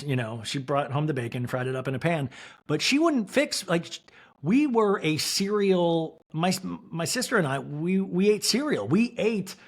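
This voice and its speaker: Podcast host, male, from Kansas; chatty, animated recapper with a fairly high voice who acts out the cast. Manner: animated, laughing, acts out cast members' lines in mock voices. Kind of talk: solo reality TV recap.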